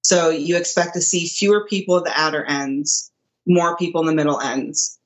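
A woman powerlifter, a guest in an interview, explaining a topic in a measured, methodical way. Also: sits low, steady tone, low-quality recording.

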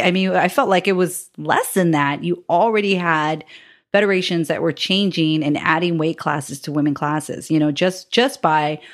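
A woman hosting a casual interview, encouraging and enthusiastic toward her guests. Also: deep voice. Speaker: host.

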